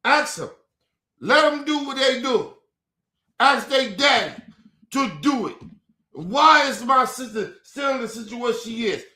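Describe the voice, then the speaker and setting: High voiced guy ranting hard, cussing and repeating himself, sharp bright tone, echoey room. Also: lively intonation, a little slow, pauses often. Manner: profane and repetitive, talking to the viewers. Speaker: streamer. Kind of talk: heated rant.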